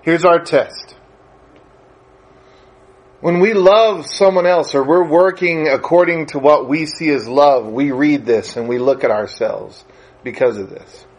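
Male preacher, lively storyteller, slightly high voice. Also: unhurried. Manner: animated storytelling, pitch rising with emphasis. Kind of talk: sermon.

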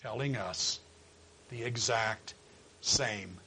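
A man preaching a sermon, swinging from quiet low asides to loud high exhortation and acting out quoted voices. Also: drawn-out words, a little hiss or hum, low-quality recording. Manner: acts out quoted voices of listeners and God.

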